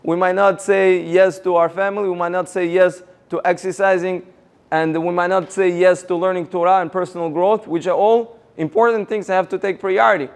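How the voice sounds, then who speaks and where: A man giving a motivational seminar talk, energetic and rallying the audience with questions. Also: sits high, brisk, clean tone. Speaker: seminar speaker.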